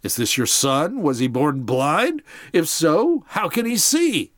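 A man voicing indignant male religious leaders who fire sharp, incredulous questions in a dry-sounding recording. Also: fairly high pitch, very animated, takes it slowly, no room sound, full character voice. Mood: questioning.

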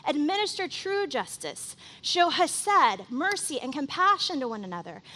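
A woman delivers a sermon in a high, bright voice. She talks conversationally and with animation, often saying "like," as if chatting with her congregation. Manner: conversational and animated, heavy use of "like". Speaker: pastor.

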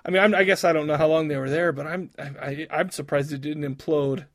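A man's voice: fairly high pitch, steady tone, brisk. A man co-hosting a casual podcast chat, talking in rambling bursts with lots of restarts and laughs. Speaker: podcast co-host.

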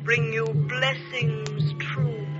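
Mysterious wind voice, slow chant, very high, music behind, muffled old radio. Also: male voice, level tone, exaggerated voice. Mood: eerie. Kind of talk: 1940s radio acting.

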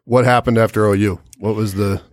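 A low-voiced man hosts a podcast interview. He asks long questions in a relaxed way and often circles back to his point. The recording is dry and close. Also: brisk, no echo. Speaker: podcast host. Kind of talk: casual interview.

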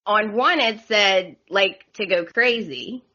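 Bright Southern American woman, giggly guest. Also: medium pitch, slow pace. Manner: giggly, chatty, lots of "like" and "y'all". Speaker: podcast guest. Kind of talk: casual podcast chat. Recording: dull lo-fi podcast audio.

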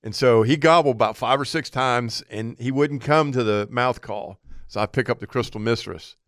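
Animated male radio storyteller, smooth voice. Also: mid-range voice, normal speed, no room sound, clean studio sound. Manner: animated storyteller acting out his own thoughts. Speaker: radio outdoor show co-host.

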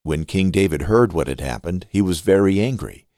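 A man hosting a podcast and reading scripture aloud in an expressive, scripted way. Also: deep voice, moderate pace, dry recording, studio quality. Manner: expressive reading with a lively rise and fall.

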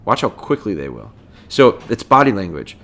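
A man's voice: on the low side, wildly swooping pitch, normal speed, vocal fry, fairly bright tone. Man explaining dog training casually. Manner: conversational, breaks points down step by step, frequent restarts. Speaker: dog trainer and podcast host.

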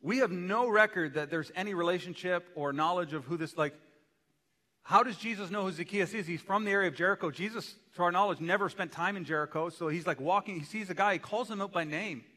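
A man preaching from the pulpit with a fairly high, bright, forceful voice. He keeps it conversational and slips in joking asides. His words ring out with a long reverb through a church hall. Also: fairly quick. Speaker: pastor. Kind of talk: sermon. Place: church sanctuary.

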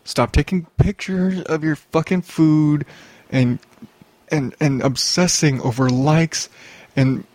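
A man's voice: a little high, takes it slowly, darkish tone, no room sound. A young man hosting a solo podcast, ranting and rambling with lots of swearing and restarts. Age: young adult. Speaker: podcast host.

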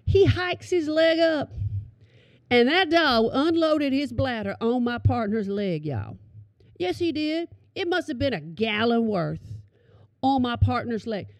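A middle-aged woman telling comic stories to an audience, animated and calling them y'all. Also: sits high, measured pace, no echo. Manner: animated, addresses listeners as y'all. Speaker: storyteller.

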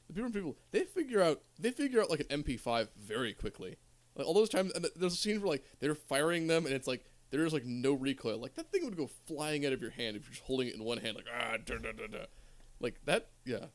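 Male co-host, mid-pitched everyday voice, opinionated, halting and rambling. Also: lively intonation. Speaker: podcast co-host. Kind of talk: casual chat.

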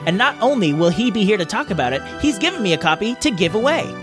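A man's voice: high voice, sing-song, fast talker, music in the background. A man hosting a podcast, reading listener letters aloud in a playful, jokey way. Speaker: podcast host. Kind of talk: casual podcast chat reading listener mail.

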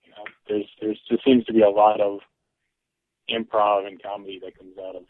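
A man's voice: fairly low pitch, little pitch movement, fairly quick, no echo. A man from Alaska, a guest on a podcast, chatting in an easygoing, hesitant way with many ums. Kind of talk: casual conversation. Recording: phone-line call audio.

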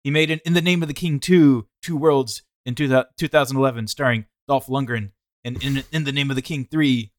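A man cohosts a podcast in a relaxed way, trading dry jokes. His voice sits at an ordinary middle pitch, and the recording is close and dry. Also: fairly quick, few pauses, dry recording. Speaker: podcast co-host. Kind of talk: casual chat.

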